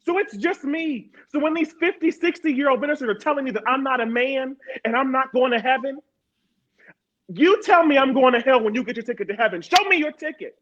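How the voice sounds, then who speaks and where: A woman from Harrisburg, Pennsylvania, speaks as a panel guest in a strikingly high voice, pressing her points with emphatic repetition. The sound is dull and lo-fi. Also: brisk. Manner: emphatic, repeats words for stress. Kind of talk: personal testimony in a panel talk.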